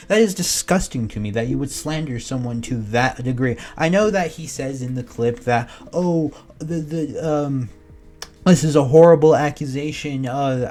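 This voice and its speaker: A young man delivering a ranting reaction commentary for an online audience. He swears constantly and jumps from low mumbled asides to loud, exasperated yelling. His voice sits at an everyday middle pitch.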